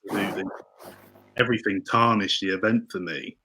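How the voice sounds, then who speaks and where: A man telling stories as a podcast guest, excitable and tripping over his words. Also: on the low side, a little fast, slightly rough, rough recording. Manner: excitable, tumbling restarts. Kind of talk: casual storytelling interview.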